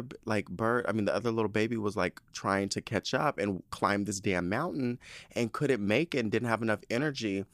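A man's voice: lowish voice, no room sound. A man telling a story in a casual monologue, ranting with lots of swearing and frequent laughter. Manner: profane, animated, indignant ranting.

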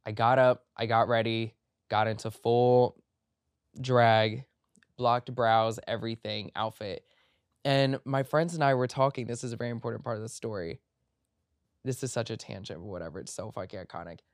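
A man hosting his own show, telling a long, tangent-filled story in a casual, animated and profane way, often slipping into a high voice to quote people. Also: moderate pace, dry recording, clean studio sound. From Egyptian family background. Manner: animated, breaks into high mimicking voices when quoting people. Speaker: podcast host.

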